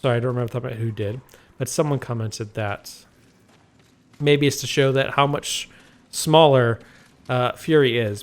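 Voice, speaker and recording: Man, casual gameplay commentary, rambling, self-correcting, wry, mid pitch, faint background hum. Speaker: game walkthrough commentator.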